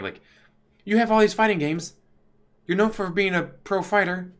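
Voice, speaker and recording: A man giving a casual, exasperated commentary rant to camera on his channel, talking with big swings in pitch. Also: very animated, normal speed, pauses often, a bit bright. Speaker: YouTube commentator. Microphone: desk USB microphone.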